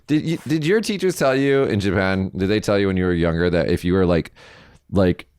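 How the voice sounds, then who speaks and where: A man co-hosts a casual news podcast in a fairly low voice, picked up close and dry. He comes across blunt and sarcastic and swears freely as he rants about the stories. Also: a little fast, darkish tone, smooth, no echo. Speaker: podcast co-host.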